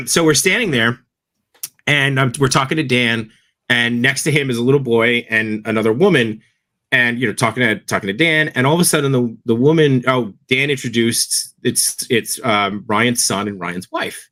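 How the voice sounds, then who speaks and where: A young adult man co-hosting a podcast, telling stories in a rambling, animated way and laughing often. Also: mid-range voice, normal speed. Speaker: podcast co-host. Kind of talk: casual chat.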